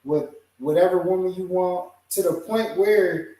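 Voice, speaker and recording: A man's voice: high-pitched, a little slow, warm tone. A man hosting a casual podcast chat, easygoing, laughing often and hedging with fillers. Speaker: podcast host. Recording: echoey room, voice far from the mic.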